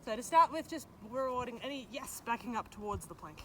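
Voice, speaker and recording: A woman dog trainer speaks expressively in a highish voice, fairly quickly and with few pauses, giving casual instruction on a dog trick. Her chat is interrupted by praise for her dogs and beeping cues. The recording is noisy and outdoors.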